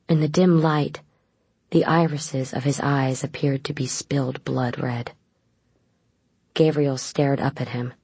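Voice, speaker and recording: A narrator reading a gothic novel aloud in measured, even storytelling. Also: medium pitch, breathy edge, no echo. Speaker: audiobook narrator. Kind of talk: scripted narration.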